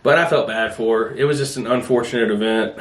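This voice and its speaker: A man's voice: medium pitch, fast. A man hosting a podcast in casual chat, telling stories with animation and acting out other people's lines. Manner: animated storyteller who acts out family members' lines. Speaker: podcast host. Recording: echoey room.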